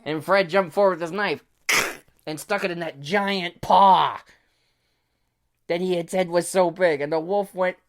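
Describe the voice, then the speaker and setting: A man telling an improvised children's story, playful, laughing often, swinging from hushed to loud. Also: high voice, fairly even intonation, unhurried. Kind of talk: improvised bedtime story for kids.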